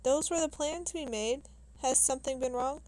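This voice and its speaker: An eager, excitable male professor from abroad, as a woman reads him aloud from a novel. The voice sits a little higher than usual and rises readily into questions. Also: normal speed, natural voice, rough recording. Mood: earnest.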